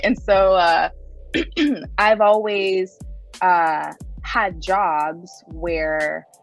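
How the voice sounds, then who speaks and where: A lowish-voiced woman talks through her story as a podcast guest, loose and chatty, laughing as she goes and checking in with "right?" every few lines. A faint music bed sits under her voice. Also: low-quality recording. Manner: chatty, laughs often, frequent "right?" tags. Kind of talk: casual interview storytelling.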